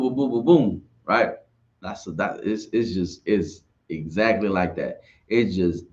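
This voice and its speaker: A man's voice: low voice, darkish tone, muffled recording. A man giving an informal religious class talk, rambling and repeating himself, often asking "right?". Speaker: class speaker.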